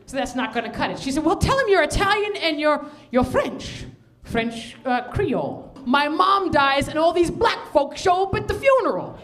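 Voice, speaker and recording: A woman comedian telling a stand-up story, with laughing asides and shouted punchlines. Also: high-pitched, big pitch swings, moderate pace.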